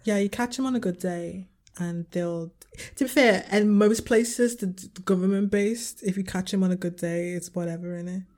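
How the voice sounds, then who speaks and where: A woman's voice: medium pitch, moderate pace, few pauses, darkish tone. A young woman, co-hosting a casual chat podcast, swearing freely and laughing often. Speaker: podcast co-host.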